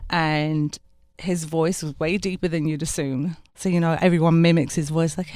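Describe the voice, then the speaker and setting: A woman in her thirties, a singer telling stories as a radio interview guest, lively and laughing. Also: sits low, normal speed, dry recording, clean studio sound. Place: radio studio.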